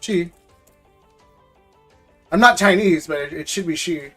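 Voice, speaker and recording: High-voiced joking man streaming live. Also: unhurried, fairly bright tone, soft background music. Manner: loose, joking, slangy, repeats words. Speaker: live-stream host opening trading card packs. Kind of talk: casual live-stream chat with viewers.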